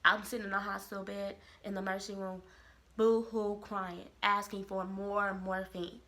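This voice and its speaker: A woman from Kansas City, telling a personal story to camera in a lively, expressive way. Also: mid-range voice, moderate pace. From Kansas City, Missouri. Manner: animated, expressive storytelling with quoted voices. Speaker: vlogger. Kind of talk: casual storytelling.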